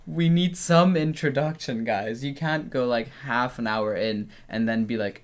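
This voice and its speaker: A man's voice: medium pitch, moderate pace, hardly any pauses. A man co-hosting a casual film discussion, rambling with lots of fillers and restarts. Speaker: film podcast co-host.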